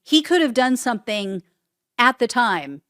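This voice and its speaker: A woman with a slightly high voice hosts a political commentary show on her own. She reads news quotes aloud and answers them with sarcastic remarks, close to the mic in a dry, dead room. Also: big pitch swings, measured pace, a bit bright, no echo.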